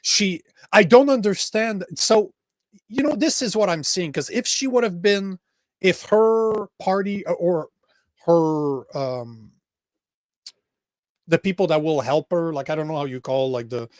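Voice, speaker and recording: Heard in a clean, dry studio recording, this podcast host speaks unhurriedly in a high-pitched voice with a French accent. His casual political talk turns heated, with swearing and many restarts.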